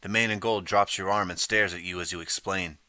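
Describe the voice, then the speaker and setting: A man reading a second-person interactive audiobook in steady, measured narration. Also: deep voice, dry recording.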